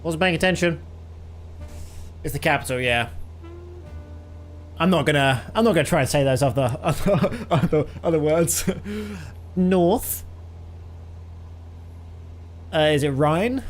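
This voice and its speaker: A man's voice: on the high side, moderate pace, pauses often, soft background music. A young British man chatting casually with his live chat while flying a simulator, rambling and laughing often. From Britain. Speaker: flight sim streamer.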